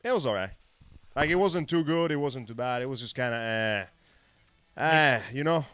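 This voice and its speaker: A man's voice: medium pitch, animated, normal speed, fairly bright tone, clean tone, no room sound. A man co-hosting a live geek-news chat, blunt and sarcastic, swearing freely. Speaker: podcast co-host. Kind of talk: casual live-stream chat.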